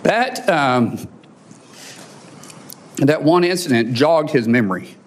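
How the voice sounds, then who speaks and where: A man's voice: fairly high pitch, lively intonation. Choked-up middle-aged father telling a story. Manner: heartfelt, halting, with restarts and fillers. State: choked up with emotion. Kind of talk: personal testimonial.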